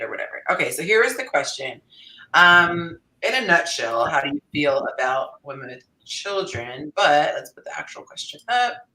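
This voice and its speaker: A woman's voice: low-pitched, pushed and bright, low-quality recording. A woman hosting a live panel chat, bubbly and laughing at herself as she reads out questions. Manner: bubbly, laughing, self-deprecating. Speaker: host.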